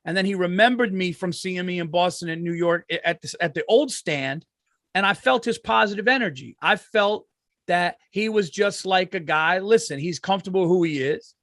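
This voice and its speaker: A man with a notably high voice hosts a podcast in easygoing chat. He tells stories with animation and swears freely. The sound is dry and close, with no room at all. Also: normal speed, a bit bright, dry recording. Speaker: podcast host. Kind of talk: casual chat.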